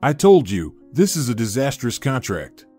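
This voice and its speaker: A man's voice: medium pitch, very animated, unhurried, darkish tone, faint music behind. An anxious elderly cleaning lady, as a man reads her. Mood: insistent. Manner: urgent, pleading.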